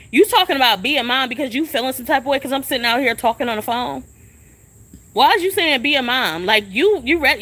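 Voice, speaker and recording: A woman's voice: a little high, sharp tone. A young woman ranting on a phone live stream outdoors at a shelter, confrontational and profane, firing the same questions again and again. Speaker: livestreamer. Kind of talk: venting live-stream rant.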